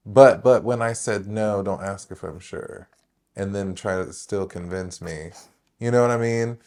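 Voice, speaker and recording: A man's voice: fairly low pitch, a little slow, darkish tone. A man co-hosting a podcast in casual chat, with teasing, dry quips. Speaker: podcast co-host.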